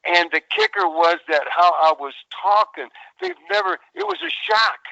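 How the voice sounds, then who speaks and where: A man's voice: high voice, huge pitch swings, normal speed, gravelly, sharp tone, dry recording. An older man, a retired wrestler, telling stories as a podcast guest, rambling and repeating words, calling the host brother and man. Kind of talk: animated storytelling interview. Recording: dull phone-like call line.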